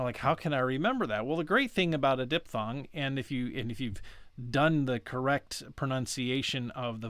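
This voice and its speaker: Man teaching sounds with slow, careful demos. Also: medium pitch, a bit bright, dry recording. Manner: chatty, self-correcting, drawing out sounds slowly to demonstrate. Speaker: language teacher. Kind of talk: casual instructional explanation.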